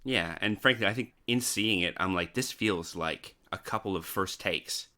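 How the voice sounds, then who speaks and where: A man's voice: low voice, normal speed, bright, forceful tone. A man hosting a podcast, chatting casually about a film with dry, explanatory asides. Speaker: podcast host. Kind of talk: casual movie-review chat.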